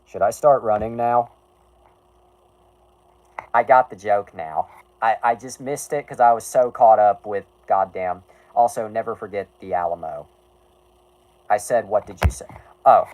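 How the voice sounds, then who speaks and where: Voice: medium pitch, darkish tone, rough recording. A streamer reading an article aloud to chat with sarcastic, self-deprecating asides, often breaking off and restarting with "anyway".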